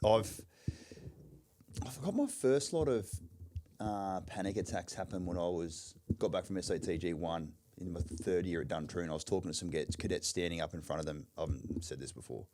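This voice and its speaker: A man hosting a podcast, asking questions in a quick, chatty way and speaking frankly about his own struggles. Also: deep voice, mellow. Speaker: podcast host. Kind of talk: casual podcast interview.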